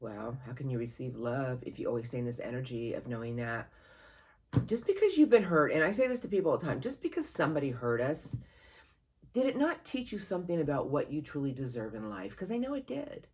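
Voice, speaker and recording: Tarot reader, mid-pitched, husky tone; earnest, encouraging monthly reading with lively bursts. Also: brisk. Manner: animated, sudden jumps in pitch and loudness, laughs at the cards; earnest, encouraging, talks to spirit guides aloud.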